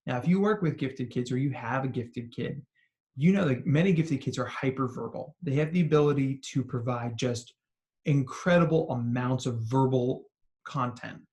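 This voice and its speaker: A man, a psychologist, giving an animated talk to parents and educators, telling stories and asking questions. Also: medium pitch, moderate pace. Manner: animated storytelling with acted quotes and asides. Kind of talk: expressive talk to an audience.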